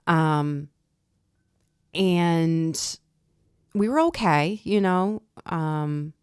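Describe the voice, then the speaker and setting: A middle-aged woman with a Boston accent, telling stories on a podcast and acting out quotes with sudden jumps in pitch and loudness. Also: no echo, studio quality. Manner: animated, acts out quotes with jumps in pitch and volume. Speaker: podcast host. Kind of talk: casual storytelling chat.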